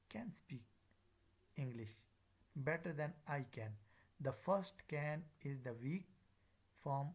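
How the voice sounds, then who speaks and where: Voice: medium pitch, rough recording. A pronunciation teacher giving a recorded lecture, hesitant with frequent fillers and drilling example words one at a time.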